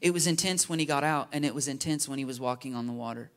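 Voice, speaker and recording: A man preaching a sermon in a casual, animated way, often checking in with his listeners with "right?" and "you know?". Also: medium pitch, quick pace. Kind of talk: conversational sermon.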